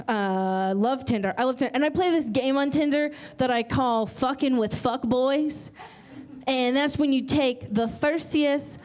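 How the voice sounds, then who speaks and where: A woman from North Carolina hosting a stand-up comedy show, delivering brash, bawdy punchlines on a stage mic. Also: high-pitched. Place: comedy stage with live audience.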